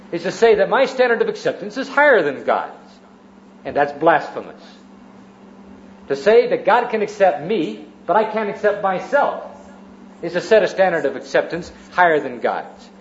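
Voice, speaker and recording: High-voiced man preaching a sermon. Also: big pitch swings, normal speed, slight background noise. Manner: structured teaching, repeats phrases for emphasis. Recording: roomy, muffled church recording.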